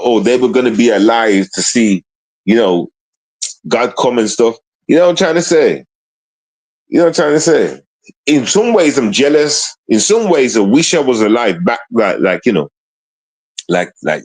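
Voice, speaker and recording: A man's voice: medium pitch, a little mellow, no echo, rough recording. Dry-voiced man rambling on a stream. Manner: loose, repetitive street slang with frequent tag questions. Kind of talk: rambling casual livestream chat. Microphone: streaming mic.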